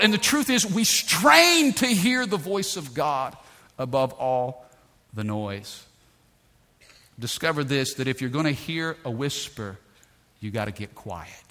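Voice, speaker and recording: Male pastor, bright tense tone, slightly high voice, dynamic sermon delivery, hushed to loud. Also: lively intonation, moderate pace. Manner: dynamic preacher, swings from hushed to loud, calls to congregation.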